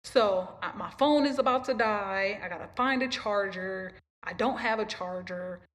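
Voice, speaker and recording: A woman's voice: medium pitch, normal speed, fairly bright tone. A young woman hosting a podcast, telling a long story in a rambling, emotional way and repeating herself. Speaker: podcast host. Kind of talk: casual storytelling monologue.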